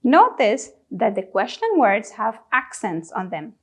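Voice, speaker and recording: A woman's voice: medium pitch, big pitch swings, breathy edge. A woman teaching a language lesson, drilling each question word and asking the listener to repeat after her. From Guyana. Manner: drills words, pausing for repetition. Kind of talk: slow, deliberate classroom instruction.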